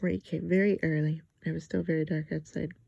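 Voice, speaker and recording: A woman reads a children's storybook aloud in a lively, childlike first-person voice. Her tone is mellow with a gravelly edge, and the sound is dry and close. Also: low-pitched, brisk, no room sound, muffled recording. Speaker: storybook reader. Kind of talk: children's book read-aloud.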